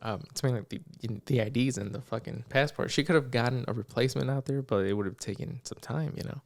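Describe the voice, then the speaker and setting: Speaking fast in a gravelly, medium-pitched voice, a young man co-hosting a podcast launches into a story. He's animated, does voices for the characters, and curses freely throughout the casual chat.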